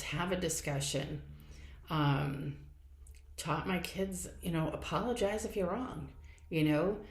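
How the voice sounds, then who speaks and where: A middle-aged woman with a low voice hosts her own podcast in a casual, reflective monologue. She talks earnestly and loosely, circling back with fillers and repeated phrases. The sound carries a noticeable room echo. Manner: earnest, conversational, repeats herself with many fillers. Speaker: podcast host.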